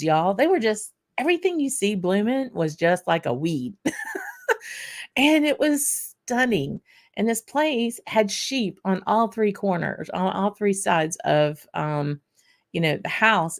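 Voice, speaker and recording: Gravelly woman. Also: mid-range voice. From Louisiana. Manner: chatty, answers viewers by name while tasting. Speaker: whisky channel host. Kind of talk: casual livestream chat.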